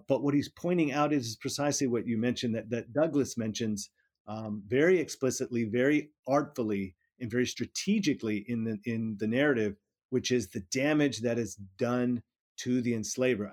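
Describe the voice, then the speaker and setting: A man's voice: mid-range voice, moderate pace, a little mellow. A middle-aged man, a politics professor, talking through ideas in an interview, often restarting and repeating words as he thinks. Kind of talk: academic interview conversation.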